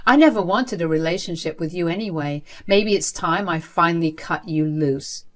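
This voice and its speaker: A woman's voice: fairly low pitch, moderate pace, close to an everyday voice. A woman reading as a scornful cold grandmother. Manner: contemptuous and dismissive. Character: cold, scornful older grandmother, school principal.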